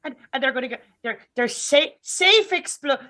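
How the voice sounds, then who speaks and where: A woman player in a tabletop game, describing her character with animated chat. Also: sits high, moderate pace, slight background noise. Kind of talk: casual tabletop role-play.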